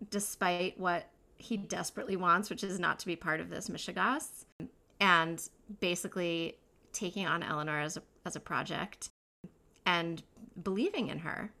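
Woman co-host gushing about a tv show, bright crisp voice, laughs a lot. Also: on the low side. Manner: enthusiastic, laughs often, trails off and restarts. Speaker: podcast co-host. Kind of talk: casual chat.

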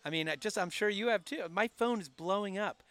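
A man in his forties telling animated stories in a casual chat from a broadcast booth, with frequent restarts. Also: high-pitched, fairly quick, clear, resonant tone, no room sound. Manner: animated storyteller with many restarts. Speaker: team staff member, podcast co-host.

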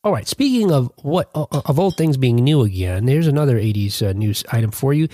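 A male podcast host with a husky, breathy edge to his voice and a pitch that swings up and down as he talks. He rambles through his points and stops often to correct himself, trading jokes in easy casual chat. The sound is dry and close, with no room around it. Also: animated, fairly quick, warm tone, no echo. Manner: rambling, self-correcting, jokey.

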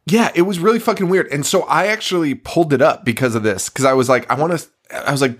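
A man's voice: a little high, fast, hardly any pauses, a bit bright. A man in his thirties co-hosting a podcast, rambling and laughing with profanity. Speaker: podcast co-host. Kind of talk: casual chat.

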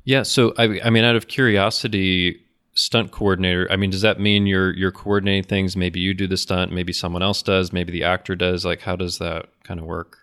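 A man hosting an interview, asking curious questions in a relaxed, casual way. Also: low-pitched, moderate pace, smooth. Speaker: podcast host.

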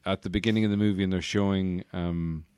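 A man's voice: low-pitched, fairly even intonation, fast talker, a little mellow, smooth, dry recording. A man co-hosting a podcast, chatting casually about a film, rambling with jokes and fillers. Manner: rambling, joking, many fillers. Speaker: podcast co-host.

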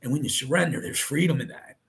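A man's voice: medium pitch, quick pace, vocal fry, a bit bright, breathy edge. A middle-aged man telling a personal story as an interview guest, earnest and emotional, often quoting what others said. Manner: earnest and emotional, retelling with quoted dialogue.

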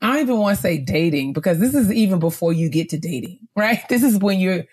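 A woman's voice: on the low side, lively intonation, fast talker, darkish tone, slightly rough. A woman co-hosting a book club chat, talking casually, laughing often and repeating herself when she gets worked up.

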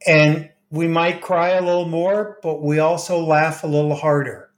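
A middle-aged man telling gentle, unhurried stories as a guest in a conversation, acting out the voices of people he quotes. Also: on the high side, level tone. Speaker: grief expert guest. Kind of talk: storytelling in conversation. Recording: roomy echo.

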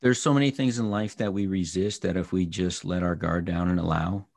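A man hosting a podcast interview, telling stories in a casual, animated way and acting out the people in them. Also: deep voice, fairly quick, creaky, no echo, clean studio sound. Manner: animated storyteller, acts out voices. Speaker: podcast host.

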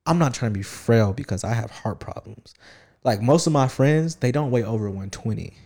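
A young man in casual chat, telling stories in an animated, slangy way with lots of "like". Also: mid-range voice, moderate pace.

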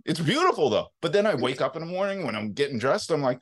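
A man's voice: a little high, very animated, quick pace, breathy edge. A man co-hosting a sports talk show, joking easily and laughing often as he acts out little scenes at home. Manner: jokey, laughs often, acts out his wife's lines. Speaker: co-host. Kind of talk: casual sports podcast banter.

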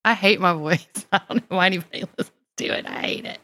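Chatty Southern woman podcaster, low voice. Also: quick pace, bright, forceful tone, no echo. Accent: Southern US (Mississippi). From Mississippi. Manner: chatty, self-deprecating, says y'all. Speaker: podcast co-host and storyteller. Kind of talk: casual chat.

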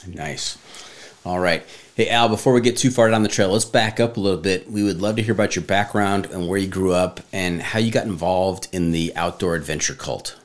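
A man's voice: deep voice, fairly quick. A man hosting a casual podcast interview, asking questions in a playful, jokey way. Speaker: podcast host.

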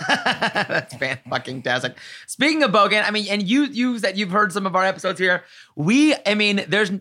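American male podcast host, high and bright, crude jokey banter. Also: huge pitch swings. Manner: bubbly, joking and crude, quick to laugh. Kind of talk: casual podcast chat.

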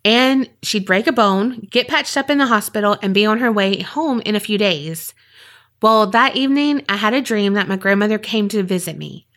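A woman's voice: mid-range voice, normal speed. Woman reading eerie listener stories. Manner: steady storytelling read with brief asides.

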